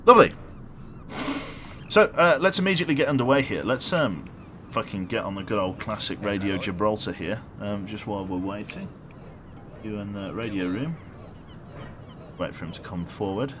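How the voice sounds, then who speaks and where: A man's voice: on the low side, lively intonation, normal speed, noisy background. A man casually chatting through a live game stream, rambling, swearing freely and thanking his viewers as he plays.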